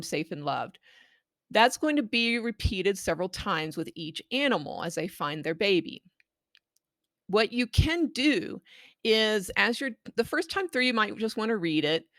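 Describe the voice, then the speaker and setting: A woman calmly walks parents through how to read a picture book with their child, speaking at an unhurried, deliberate pace. Her voice sits in a middle register and sounds close and dry, with no room around it. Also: mid-range voice, no room sound. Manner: patient, explaining, models read-aloud phrases. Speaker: children's language book presenter. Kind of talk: instructional tips for reading aloud.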